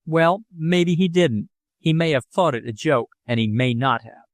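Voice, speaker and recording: A man voicing an excitable middle-aged father who blusters and scolds in an audiobook. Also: on the high side, a little slow, dry recording, studio quality, close to an everyday voice. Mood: scolding.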